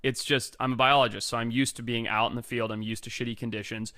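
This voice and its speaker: This is a man talking as a podcast guest in an easygoing storytelling mode, his voice bright and forward at a middling pitch. He swears without a second thought, leans on "like" constantly, and slips into lively impressions of the people he quotes. The sound is dry and close, with no room around it. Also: quick pace, no room sound. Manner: profane, animated, acts out quoted people; heavy use of filler "like". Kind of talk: casual storytelling.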